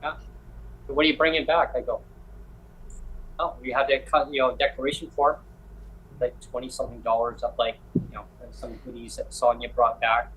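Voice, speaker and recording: A man's voice: mid-range voice, flat delivery, normal speed, pauses often, fairly bright tone, breathy edge, low-quality recording. A man rambling through a travel story in casual chat, acting out the people he met. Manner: rambling storyteller, acts out dialogue.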